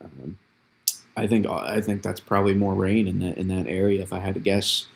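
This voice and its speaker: A man's voice: low voice, steady tone, moderate pace, creaky. A young man from New England hosting a live weather stream, rambling through the forecast, repeating himself and answering chat questions as he goes. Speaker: weather livestream host. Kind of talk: casual livestream weather analysis.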